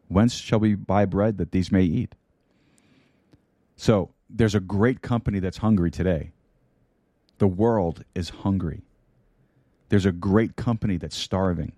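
A pastor preaches a sermon into a studio microphone in a broadcast studio, repeating key lines and slipping in light humor. His voice is lowish and mellow, with no room sound.

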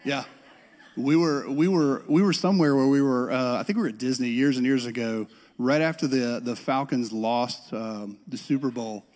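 A man's voice: mid-range voice, moderate pace, darkish tone. A middle-aged man from the US South with a Southern accent, telling a self-deprecating personal story in a sermon. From Metro Atlanta, US South. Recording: long reverb of a large hall.

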